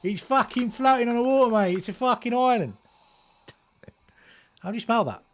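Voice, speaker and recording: A man doing a loud, profane British bloke with a heavy put-on accent while gaming on stream. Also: extremely high pitch, normal speed, pitched above the performer's own voice. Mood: exasperated. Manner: shouting, profane, exaggerated.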